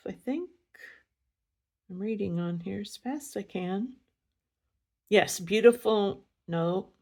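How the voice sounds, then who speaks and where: A middle-aged woman talks through her handmade stationery and cards in a relaxed crafting tutorial recorded at home. She speaks at an unhurried pace, chatty and rambling, and often stops to correct herself. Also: medium pitch. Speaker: craft demonstrator. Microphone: camera on a stand.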